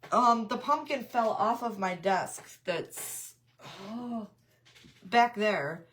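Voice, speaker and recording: A woman's voice: fairly high pitch, slow, fairly bright tone, a little hiss or hum. A woman hosting a casual craft livestream, chatting with viewers, laughing often and reading out their comments.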